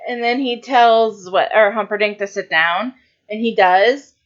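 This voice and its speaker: A woman's voice: mid-range voice, measured pace. A woman co-hosting a podcast, casually narrating plot points with frequent ums. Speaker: podcast co-host. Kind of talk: casual chat. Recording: dull lo-fi recording.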